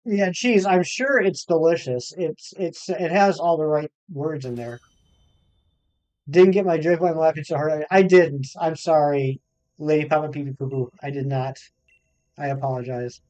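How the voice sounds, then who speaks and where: Chatty male game streamer, smooth voice. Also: on the high side, moderate pace, a little mellow, no echo. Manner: chatty, reads chat aloud, self-deprecating. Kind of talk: live stream chat while gaming.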